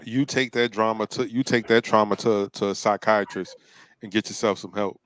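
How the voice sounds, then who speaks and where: A man's voice: fairly low pitch, steady tone, normal speed, a bit bright, roomy sound. A man co-hosting a casual talk show, mostly chiming in with short words of agreement.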